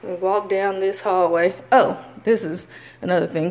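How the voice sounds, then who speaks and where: A woman's voice: mid-range voice, measured pace. Chatty woman giving a walking house tour. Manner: chatty, rambling, frequent fillers. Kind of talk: casual house tour narration. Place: inside a house, walking room to room.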